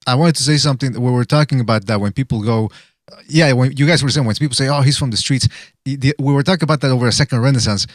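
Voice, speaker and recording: A man hosts a loose podcast chat and fires off his lines quickly. He jokes and teases as he hypes the show's callouts. His voice sounds dry and close, with no room around it. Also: mid-range voice, no echo. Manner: joking, hyping up callouts. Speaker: podcast host. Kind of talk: casual call-in podcast chat.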